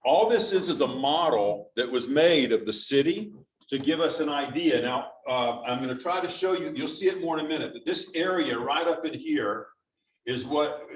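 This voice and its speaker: A man giving an informal, conversational talk to a church audience, explaining as he goes and asking the listeners questions. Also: mid-range voice. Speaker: church speaker. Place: church sanctuary. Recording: echoey hall from a distance.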